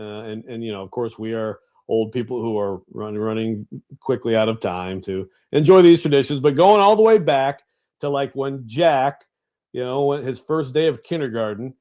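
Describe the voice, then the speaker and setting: A middle-aged man co-hosting a radio show from home, telling a self-deprecating story with loud, animated outbursts. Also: medium pitch. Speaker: radio co-host. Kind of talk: casual sports radio chat. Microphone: home setup on video call.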